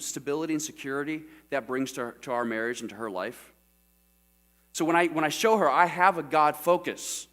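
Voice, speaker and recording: A man's voice: fairly high pitch, a bit bright. A middle-aged man preaching a sermon as pastor, often putting questions to the congregation. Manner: asks the congregation frequent questions. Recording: church sermon recording with mains hum.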